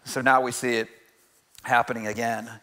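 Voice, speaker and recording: A man's voice: medium pitch, little pitch movement, moderate pace, pushed and bright. A man in his forties preaching a conversational sermon to his church, often tossing in "right?" and laughing along as he talks. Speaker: pastor. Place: church sanctuary.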